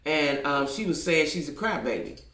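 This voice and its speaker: A woman's voice: sits low, expressive, normal speed, fairly bright tone. An older woman giving blunt, profane commentary in a casual vlog, repeating herself for emphasis. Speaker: vlogger. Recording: echoey room.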